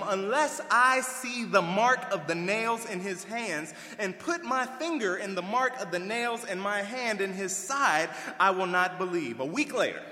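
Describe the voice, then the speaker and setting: A man preaching a sermon as pastor, jumping between lively asides and slow scripture reading. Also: high voice. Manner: lively preaching, breaks off to play music, then reads scripture slowly. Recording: echoey hall with long reverb.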